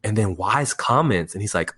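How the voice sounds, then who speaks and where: A young man telling a story as a guest in a casual interview, rambling and excitable, full of fillers. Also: fairly low pitch, normal speed. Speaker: music producer guest.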